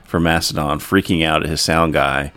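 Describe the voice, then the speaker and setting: A man's voice: rumbling low, fairly even intonation, normal speed, bright, forceful tone, smooth. A man in his forties co-hosting a podcast, chatting casually, swearing and laughing often. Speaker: podcast co-host. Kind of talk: casual chat.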